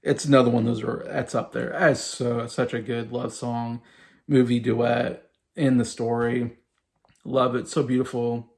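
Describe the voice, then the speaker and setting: A man in his thirties talks casually to his viewers, full of enthusiasm and loose fillers. His mid-pitched voice has a gravelly, fry-heavy texture. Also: little pitch movement, a little slow, darkish tone. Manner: enthusiastic, rambling with many fillers. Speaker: YouTube host ranking movies. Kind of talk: casual chat.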